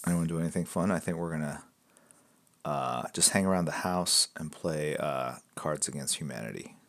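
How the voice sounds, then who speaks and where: A man hosting a live drawing stream, chatting in a relaxed, rambling way and answering viewer questions, often dropping to a soft mutter. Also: a bass voice, moderate pace, gravelly. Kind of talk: casual chat with viewers while drawing.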